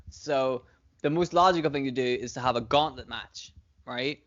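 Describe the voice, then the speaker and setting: A man's voice: mid-range voice, brisk, muffled recording. A man co-hosting a casual chat, rambling and swearing freely with frequent laughs. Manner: rambling, profane, laughs often. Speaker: podcast co-host booking wrestling shows.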